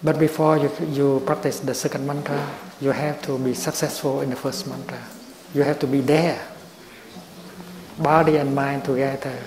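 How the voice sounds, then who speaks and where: An older man giving a slow, gentle dharma talk as a Buddhist teacher. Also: medium pitch, flat delivery, a crowd in the background. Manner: slow and gentle, with long pauses. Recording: roomy echo.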